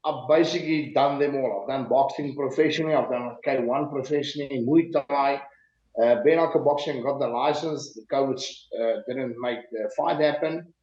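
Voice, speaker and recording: A man's voice: mid-range voice, normal speed, a little mellow. A man with a South African accent, a slap fighter as an interview guest, talking bluntly and joking over a video call. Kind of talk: casual interview. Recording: echoey dull video call audio.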